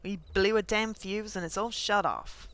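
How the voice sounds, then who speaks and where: A woman voicing a weary older male gas station attendant in a put-on rural truck stop accent, reading game dialogue aloud in a folksy, unhurried way. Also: mid-range voice, steady tone, fairly bright tone, lightly acted.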